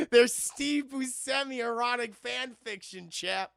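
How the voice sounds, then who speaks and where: A man's voice: very high voice, takes it slowly, vocal fry, a bit bright, a little hiss or hum. A man hosting a livestream in casual, giggly chat, swearing and talking to his chat. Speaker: livestream host.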